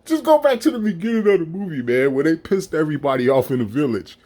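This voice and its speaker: A man's voice: fairly high pitch, lively intonation, fast, mellow. A middle-aged man giving a heated, profane rant to camera, full of rhetorical questions and mockery. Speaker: vlogger. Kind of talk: casual ranting commentary.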